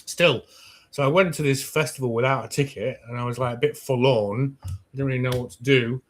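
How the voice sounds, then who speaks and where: A man with a British accent, a podcast host who chats casually and tells stories with lively swearing. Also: medium pitch, a little fast, slight background noise. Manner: animated, swears freely, acts out his own past thoughts. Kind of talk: casual chat, storytelling.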